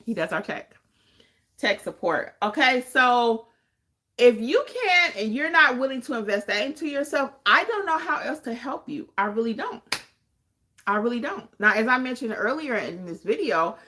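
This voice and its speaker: A woman's voice: a little high, big pitch swings, normal speed, pushed and bright. A woman hosting a livestream, chatting with viewers and driving points home by repeating them. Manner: emphatic, repeats points for effect. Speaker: podcast host and notary trainer. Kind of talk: livestream chat answering viewer questions.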